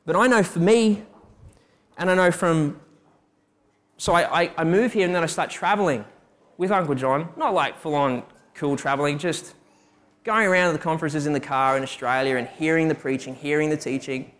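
A young man delivers a sermon, moving between personal stories and a string of rhetorical questions. His voice sits a little higher than most men's. He speaks with a personal, testimony-like directness. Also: moderate pace, fairly bright tone. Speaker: preacher giving a testimony.

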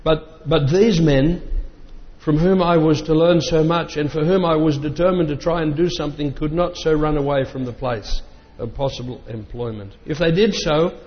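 Male reader, measured delivery with casual asides; fairly high voice, long hall reverb. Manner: measured reading voice, breaks off for plain remarks. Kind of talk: reading a memoir aloud with spoken asides. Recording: dull lo-fi sound with long reverb.

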